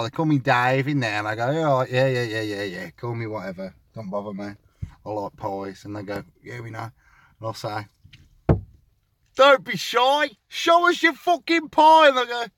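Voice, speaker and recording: A man's voice: medium pitch, moderate pace, a bit bright. A young man, rambling in a crude comic monologue full of swearing and acted-out shop chats. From West Midlands, England.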